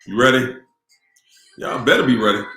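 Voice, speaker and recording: A man's voice: medium pitch, moderate pace, sharp tone. A tired middle-aged man hosting a casual live stream, laid-back as he greets chat viewers by name. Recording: roomy echo with faint music.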